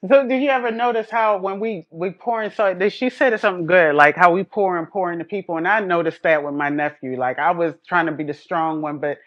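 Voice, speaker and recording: A woman's voice: fairly low pitch, a little fast, hardly any pauses, highs cut off. A woman hosting a casual conversation, reflective and asking questions, often repeating phrases. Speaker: podcast host.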